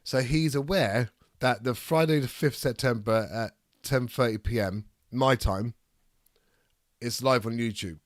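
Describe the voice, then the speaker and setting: A man with a raspy voice from a cold, chatting casually on a live stream and reading chat aloud. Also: mid-range voice, unhurried, no echo, clean studio sound. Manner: reads chat aloud, rambling and swearing. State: ill with a cold, raspy throat. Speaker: streamer hosting a debate.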